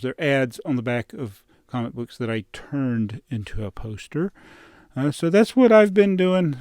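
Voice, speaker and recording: A man rambles through a casual home vlog and chuckles self-consciously between thoughts. His voice sits at an ordinary middle pitch. The sound is dry and close, with no room ring. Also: creaky, a little mellow, dry recording. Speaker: toy collecting vlogger. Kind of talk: casual chat. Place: room at home with posters on the walls.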